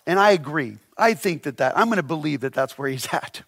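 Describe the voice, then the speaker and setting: A man delivers a sermon in a fairly high voice. He preaches with humor and animation, slipping into voices for the people in his stories. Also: expressive, fairly quick, gravelly, a bit bright. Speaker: pastor.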